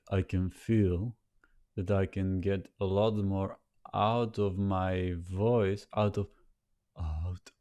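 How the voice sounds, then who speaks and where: A man rambling to a camera set a little way off, thinking aloud in a halting, self-conscious way, with a nasal voice and many repeated words and restarts. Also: fairly low pitch, warm tone. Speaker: vlogger. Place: sitting in front of a camera.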